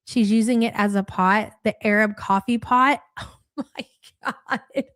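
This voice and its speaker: A young woman doing live reaction commentary, her voice sitting fairly high. She talks bluntly and sarcastically and swears freely, reading out viewer messages between her remarks. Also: steady tone, unhurried, a bit bright. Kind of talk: casual live-stream commentary.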